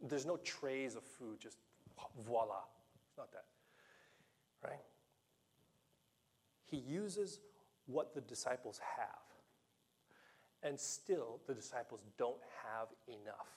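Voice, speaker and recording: A man preaching a sermon to a congregation, animated and playful, acting out the dialogue of the scripture story with laughs and asides. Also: mid-range voice, slow pace, pauses often, husky. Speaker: pastor.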